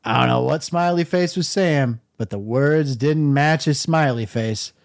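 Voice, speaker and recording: A middle-aged man casually telling a long story on his own podcast, wry and laid-back, dropping to a low mumble when he quotes himself. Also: measured pace, gravelly, no echo, studio quality. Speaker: podcast host.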